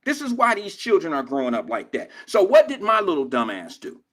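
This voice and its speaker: Older male radio host, slightly high voice, loose profane street-slang monologue. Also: huge pitch swings, a little fast, fairly bright tone. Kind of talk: casual talk radio monologue.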